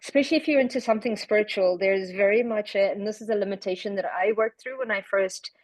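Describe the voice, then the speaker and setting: A woman from the United Kingdom chatting on a podcast about spiritual work, animated and reflective, often repeating words as she talks. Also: mid-range voice, quick pace, no echo, poor audio. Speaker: podcast guest, spiritual practitioner. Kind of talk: casual podcast conversation.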